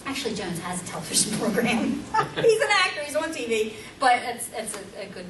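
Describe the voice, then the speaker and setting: A woman's voice: a little high, big pitch swings, fairly quick, a bit bright. A middle-aged woman giving a conversational teaching seminar, emphatic and full of rhetorical questions to her audience. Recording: roomy, distant mic, faint background hum.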